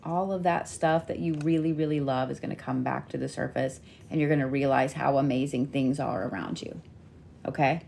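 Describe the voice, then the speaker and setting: A woman's voice: extremely low pitch, fairly even intonation, a little fast, vocal fry, hardly any pauses, warm tone, slight background noise. A middle-aged woman giving a casual weekly zodiac card reading, chatty and playful with frequent swearing. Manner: chatty, profane, playful teasing. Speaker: tarot and zodiac reader.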